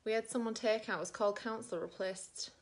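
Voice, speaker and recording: A woman's voice: mid-range voice, fairly even intonation, brisk, slight background noise. A middle-aged woman with an Australian accent, doing her makeup on camera and telling a long rambling story full of fillers. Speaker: makeup vlogger.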